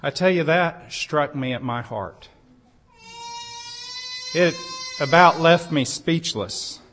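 A man's voice: on the high side, takes it slowly, fairly bright tone, slight background noise. A man preaching a sermon, telling a personal story in an earnest way, with emphatic rises on key phrases. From United States.

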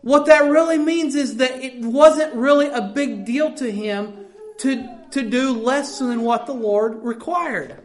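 A middle-aged woman with a high voice delivers a sermon. She reads scripture aloud, then turns to plain, earnest explanation, often repeating her words as she goes. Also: measured pace, hardly any pauses. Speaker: preacher.

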